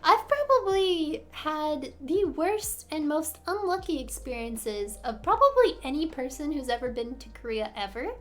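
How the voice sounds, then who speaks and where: High-voiced chatty American woman streamer. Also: expressive, a little slow, hardly any pauses. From United States. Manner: chatty, giggly, answers viewer questions. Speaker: livestream host answering chat. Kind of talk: casual live-stream chat. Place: apartment in Korea.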